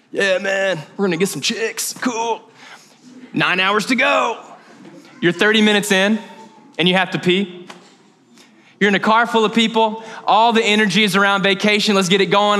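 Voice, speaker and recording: High, bright-voiced animated male pastor. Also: big-room sound. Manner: animated storytelling, acting out scenes. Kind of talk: sermon. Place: church hall.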